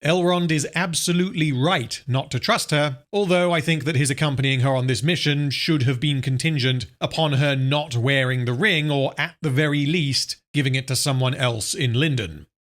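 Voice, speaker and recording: A man's voice: medium pitch, moderate pace, few pauses, a bit bright. A man reading a scripted, sardonic review, scathing and openly profane in his criticism. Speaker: film reviewer.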